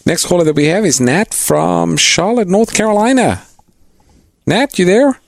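A male co-host of a religious call-in show who reads out the resource phone line and welcomes each caller. His pitch moves a lot, and the sound is dry and close. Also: expressive, unhurried, gravelly, no echo. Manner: announcer-like, reads phone numbers and introduces callers. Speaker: radio co-host taking calls. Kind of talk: call-in radio hosting.

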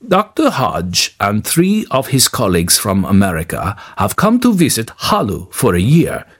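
A man's voice: lowish voice, wildly swooping pitch, breathy edge, exaggerated voice. A man reading the part of a formal, courteous professor of divinity in a storybook. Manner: formal, measured speech.

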